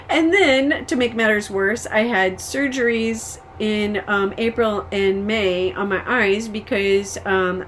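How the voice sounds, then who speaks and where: A woman's voice: mid-range voice, slight background noise. A woman from the United States giving a casual personal update as a vlogger, venting frustrations candidly and rambling with frequent ums and restarts.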